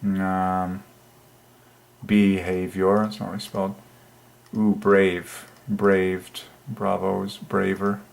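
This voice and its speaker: A man hosting his own channel, musing aloud at his computer in an enthusiastic, halting way with many fillers. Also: deep voice, monotone, vocal fry. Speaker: channel host. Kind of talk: religious numerology screen talk.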